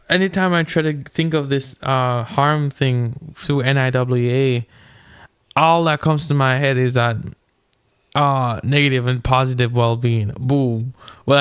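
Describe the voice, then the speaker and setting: A man's voice: mid-range voice, smooth, dry recording. A young man reading a philosophy paper aloud late at night, breaking off into rambling, slangy asides full of restarts. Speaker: solo reader commenting on a philosophy paper. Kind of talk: casual late-night read-aloud with commentary.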